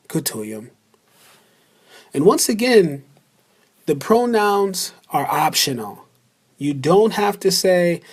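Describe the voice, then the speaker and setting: Slow-talking man teaching a lesson. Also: a little high, breathy edge. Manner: slow and deliberate, repeating words for practice. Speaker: language teacher. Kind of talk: narrated slideshow language lesson.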